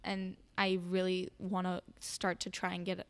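A teenage girl chatting as a podcast guest, telling stories in a lively way with many fillers. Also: fairly low pitch, measured pace. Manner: chatty storytelling full of "like" fillers. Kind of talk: casual chat.

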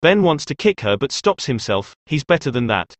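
A man narrating a dark, emotional story in a slow, intense way. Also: medium pitch, very animated, no echo. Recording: dry close voice over faint music.

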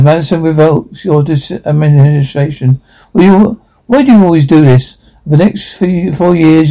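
A man reads out a film's lines and sound captions, doing every character in one unchanging voice. His tone is dark and mellow with a rough, gravelly edge. He sits slightly higher in pitch than most men. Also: rough recording. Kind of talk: flat reading of film dialogue and sound captions.

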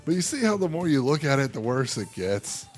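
A man's voice: a little high, big pitch swings, fairly quick, soft background music. A man co-hosting a podcast in casual chat, opinionated and ranting, swearing freely. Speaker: podcast co-host.

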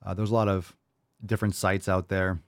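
A man's voice: deep voice, level tone, fairly quick, no echo, clean studio sound. A man hosting a live question-and-answer show, reading viewer questions and answering in a hyped, jokey, profane way. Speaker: host.

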